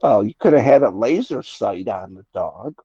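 A man's voice: on the low side, animated, normal speed, mellow, husky, dry recording, muffled recording. A man adding joking, quizzical asides in a casual chat.

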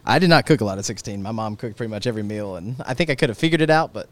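Fast-talking male host. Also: lowish voice, lively intonation, no echo. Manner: leading with strings of quick questions. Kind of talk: casual interview chat.

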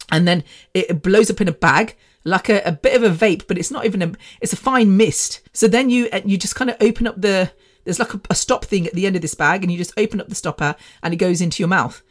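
A woman in her fifties hosting a podcast, telling a story in a rambling, chatty way with frequent laughter and the odd swear word. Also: fairly low pitch. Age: 50s. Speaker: podcast host. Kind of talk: casual storytelling.

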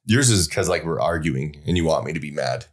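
Young guy on a podcast, super deep voice but bounces all over, rambly and jokey, pokes fun at himself. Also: lively intonation, fairly quick. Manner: joking, rambling, self-mocking. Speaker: podcast co-host. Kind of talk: casual chat.

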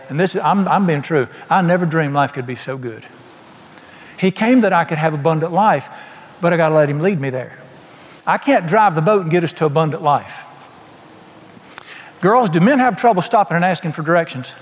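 Folksy preacher, hall echo. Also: male voice, on the high side. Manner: folksy, colloquial preaching with sudden soft drops. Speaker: pastor. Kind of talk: sermon. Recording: long hall reverb.

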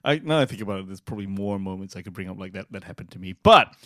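A man in his forties co-hosting a podcast in casual chat, animated, with loud outbursts and free swearing. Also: low-pitched, rapid-fire, no echo. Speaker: podcast co-host.

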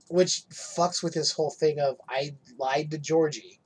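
A man with a fairly high, husky, slightly mellow voice recaps a horror film in casual podcast chat, speaking at a moderate pace with few pauses and fairly even intonation. He animatedly acts out the lines and cusses freely.

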